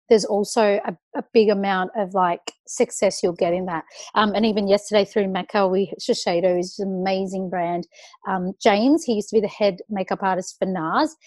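A woman's voice: medium pitch, moderate pace, a little mellow, no echo. A woman, a makeup artist chatting animatedly as a guest, full of fillers and stories. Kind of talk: casual chat.

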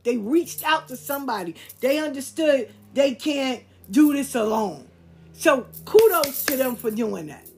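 A middle-aged woman hosting a podcast, talking straight to her listeners in a blunt, emphatic, lecturing way, swearing freely. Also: sits high. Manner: preachy, lecturing tone. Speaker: podcast host. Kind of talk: candid monologue to listeners.

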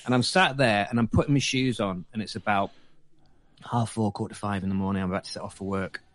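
A man's voice: lowish voice, fast, a bit bright, no echo. A man co-hosting a casual podcast who interrupts with jokey questions and tells his own stories. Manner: jokey interrupter, playful cross-examining. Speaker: podcast co-host, radio presenter. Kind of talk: casual chat.

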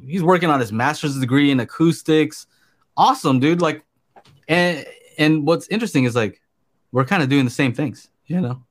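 Easygoing, rambling male podcast co-host. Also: a little high. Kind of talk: casual chat on a live stream.

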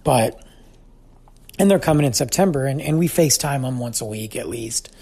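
A man in his forties shares a reflective family story, his voice slightly husky. His pitch rises and falls in a lively way as he talks. He sounds sincere and thoughtful throughout. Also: moderate pace. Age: 40s. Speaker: father telling a family story. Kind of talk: personal reflective monologue.

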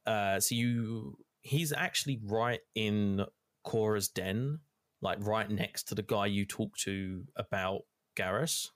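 Young guy, low voice, dry sound, rambly casual gamer chat with swearing. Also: takes it slowly, no echo. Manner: rambling, filler-heavy storytelling, swears casually. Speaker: gamer recapping play.

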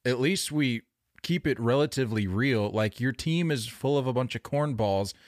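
A man co-hosting a sports podcast, chatting casually with animated, opinionated banter. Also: medium pitch, normal speed, dry recording, studio quality. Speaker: podcast co-host. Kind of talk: casual chat.

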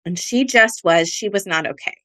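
Bright-voiced woman reading court testimony. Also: medium pitch, normal speed. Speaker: podcast host recounting her own court case. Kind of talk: reading trial transcript aloud.

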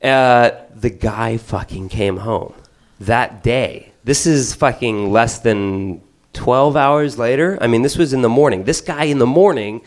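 A man telling a long story in stand-up style, profane, rambling and animated. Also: medium pitch, a little slow.

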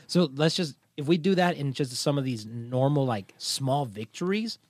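A young man co-hosting a casual podcast, animated and laughing often, calling his co-host bro. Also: fairly high pitch, brisk, hardly any pauses, no echo.

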